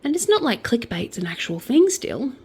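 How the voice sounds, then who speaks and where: A woman's voice: a little high, very animated, moderate pace, a little mellow, husky. A woman chatting casually about scam stories while crocheting, with playful, jokey asides. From Australia. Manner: playful, jokey asides, breaks into mock accents. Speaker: vlogger. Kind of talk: casual true-crime chat while crocheting.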